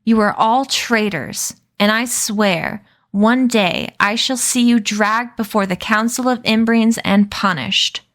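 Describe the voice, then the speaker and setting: A woman voicing a grandiose, indignant male dog who speaks slowly and imperiously, read from a novel. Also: a little high, a bit bright. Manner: imperious, orating, slow and emphatic. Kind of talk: reading a novel aloud on a stream.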